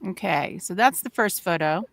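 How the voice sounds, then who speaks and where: A woman's voice: on the low side, lively intonation, moderate pace, gravelly, a bit bright, no echo. A woman hosting a casual podcast in an upbeat, effusive way, guiding her guests. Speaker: podcast host.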